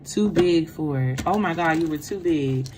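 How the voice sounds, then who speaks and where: A woman hosting a tarot livestream, animated and laughing with viewers, dropping to a soft voice to pray. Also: low voice, moderate pace, very noisy. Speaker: tarot reader and livestream host. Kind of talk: livestream chat with prayer.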